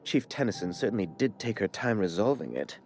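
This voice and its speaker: A man's voice: on the low side, animated, a little fast, slight background noise, lightly acted. An actor voicing a fussy, condescending male corporate bureaucrat in a video game, with a prim, theatrical delivery. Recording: soft game music behind.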